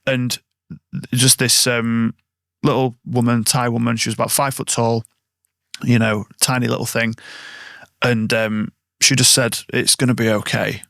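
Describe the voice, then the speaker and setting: A man hosting a podcast interview, talking in a reflective, anecdotal way with long, drawn-out phrasing. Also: medium pitch, little pitch movement, gravelly, a bit bright, no echo, clean studio sound. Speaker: podcast host. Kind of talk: conversational interview.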